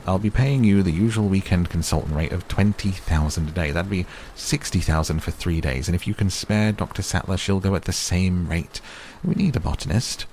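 A man's voice: sits low, moderate pace, darkish tone, slight background noise. A man voicing an old male tycoon who is cheerful, persistent and talks over others, read as an audiobook character. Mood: uneasy.

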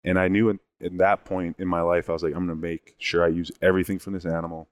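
A man casually telling a long story in an animated, rambling way, often restarting his sentences. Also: low voice, fast, no room sound. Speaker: guest telling a hunting story.

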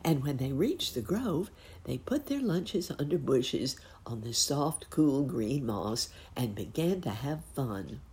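A woman reading a children's storybook aloud in a gentle, expressive way. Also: rumbling low, takes it slowly.

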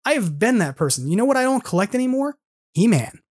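A man's voice: very high-pitched, very animated, fast, a little mellow. A man in his forties hosting a podcast, delivering an earnest, frustrated solo monologue full of casual fillers. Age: 40s. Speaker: podcast host.

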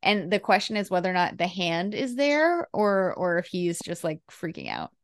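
A woman's voice: fairly low pitch, wildly swooping pitch, normal speed, no echo, clean studio sound. A woman co-hosting a casual movie podcast, rambling with lots of fillers and frequent laughter. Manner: rambling, laughing often, many fillers and restarts. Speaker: podcast co-host. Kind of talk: casual chat about movies.

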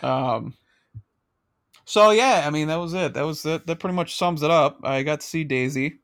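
A man's voice: fairly high pitch, moderate pace, fairly bright tone. Rambling, laughing man telling a story. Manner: rambling, profane, laughing often. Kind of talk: casual storytelling chat.

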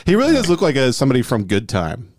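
A man's voice: medium pitch, wildly swooping pitch, fast, over a noisy crowd. Man: blunt joking podcast host. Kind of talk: casual chat.

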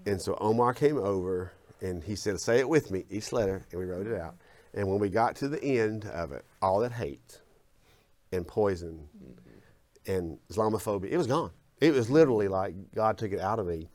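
A man with a Southern US accent, a guest and former minister, telling a personal story and acting out his own quoted lines with big swings in pitch. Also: animated, normal speed, darkish tone.

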